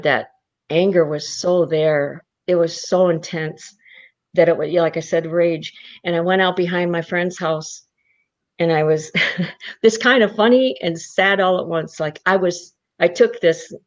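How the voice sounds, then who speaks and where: A woman speaks in a fairly low voice, emotional and animated as she recounts her past and acts out what she once said. She is an interview guest on a video call, and the audio is dull and lo-fi. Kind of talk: personal storytelling in a live online interview.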